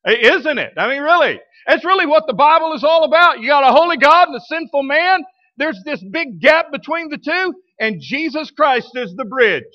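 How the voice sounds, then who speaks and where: A male pastor with a Southern American accent delivers a lively sermon, his loudness rising and falling as he preaches. His voice sits unusually high for a man. The recording sounds dull and lo-fi, as if taped in a church. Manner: animated, preaching with shifting loudness. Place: church sanctuary.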